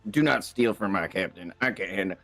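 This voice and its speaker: A man playing in a tabletop role-playing game, excitable and loud in casual banter. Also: low voice, fairly quick, faint music behind. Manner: loud, excitable, shouts and laughs often. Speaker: player.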